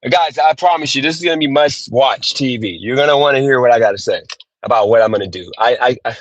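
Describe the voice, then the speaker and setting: A man's voice: mid-range voice, quick pace, no echo. Male streamer, exasperated and profane, dull dry phone sound. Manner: cursing, exasperated, repeats himself. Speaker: gig worker livestreaming. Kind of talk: frustrated live-stream rant.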